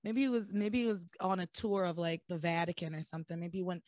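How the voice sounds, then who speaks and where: Hoarse lady hosting a podcast, voice gone deep and scratchy, dry close sound, animated and jokey. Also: brisk, dry recording. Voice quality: deeper than usual. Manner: animated, joking, laughs often. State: hoarse, losing her voice. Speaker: podcast host. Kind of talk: casual chat recapping a soap opera.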